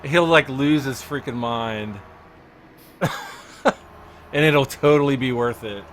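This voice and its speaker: A man's voice: medium pitch, slow, a bit bright, slight background noise. A man doing casual livestream commentary over a farming game, giggly and rambling, often losing his train of thought. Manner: giggly, easily cracks up laughing. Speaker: game streamer.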